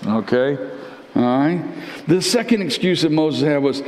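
A male pastor giving a conversational live sermon, repeating phrases and climbing in pitch to press his points. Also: lively intonation, unhurried, darkish tone, slight background noise. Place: church sanctuary. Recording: roomy church with long reverb.

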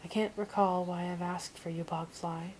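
A woman voicing a massive, slow-witted male ogre who sounds perplexed and forgetful, as whispered role-play. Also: lowish voice, fairly even intonation, darkish tone, a little hiss or hum, close to an everyday voice.

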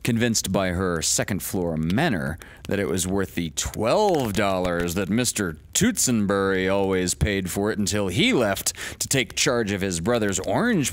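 Deep slow-reading male storyteller. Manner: unhurried, measured storytelling with an occasional casual aside. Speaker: storyteller host. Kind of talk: reading classic short stories aloud.

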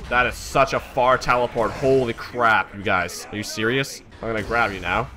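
A man's voice: medium pitch, normal speed, hardly any pauses, bright, forceful tone, faint music behind. A young man streaming a video game, reacting with exasperated, swearing running commentary. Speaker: gaming streamer. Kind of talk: let's play commentary.

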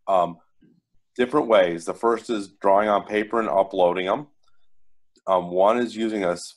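A man presenting in an online workshop over a video call, giving a brisk explanatory overview with frequent fillers. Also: sits low.

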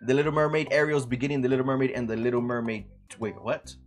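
A man livestreaming a game, chatting casually with viewers, swearing freely and yelling at the game in sudden high-pitched outbursts. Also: fast, faint music behind. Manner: profane, excitable trash talk at the game; greets viewers by name. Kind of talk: casual gaming livestream commentary.

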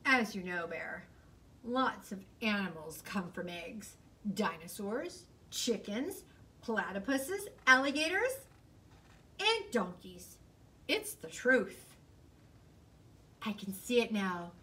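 A woman voicing a sly, fast-talking male fox who sells a swindle with showy salesman patter. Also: mid-range voice, big pitch swings, sharp tone, recorded from a distance, heavily acted. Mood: salesy.

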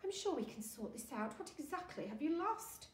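A woman's voice: high-pitched, lively intonation, brisk, a little mellow, reverberant, a little hiss or hum, pitched above the performer's own voice. A woman voicing a fussy, fawning bald male hotel manager with a smarmy, purring manner.

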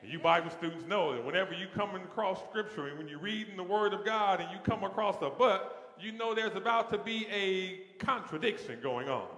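A male pastor preaches with a high, bright, tense voice that carries a gravelly edge. He builds his points through repetition, rising in force as he goes. The sound is roomy, with the long reverb of a large sanctuary. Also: a little fast, hardly any pauses. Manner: preaching with rising call-and-response intensity. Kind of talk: sermon.

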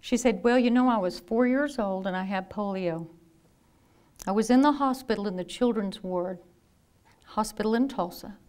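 A woman in her fifties, a nurse telling lively anecdotes in a talk and acting out the people she quotes. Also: medium pitch, normal speed. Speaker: nurse and speaker. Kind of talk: storytelling talk.

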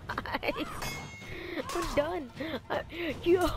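Young woman, higher-pitched voice, casual game commentary, slangy, stammery, teasing opponents. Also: lively intonation, slow, over music. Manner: slangy, stammering, mock-trash-talking opponents. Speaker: gamer.

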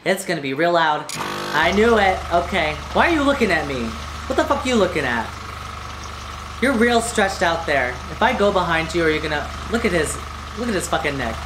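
Female let's-play host, lower voice, jumpy and foul-mouthed, roomy echo with game music. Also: lively intonation, fairly quick, background noise. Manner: jumpy, screams, crude jokes. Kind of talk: casual gaming commentary. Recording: echoey room with game music.

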